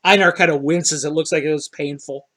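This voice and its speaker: A man's voice: fairly high pitch, fairly even intonation, brisk, fairly bright tone. A man running a tabletop fantasy game as game master, describing the scene in a casual, vivid way.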